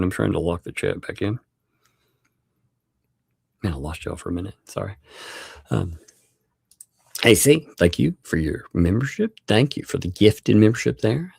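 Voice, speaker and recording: A man's voice: low-pitched, vocal fry, a little mellow, breathy edge, no room sound, clean studio sound. A man hosting a casual live stream, rambling and chuckling as he thanks each new member in turn. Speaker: livestream host.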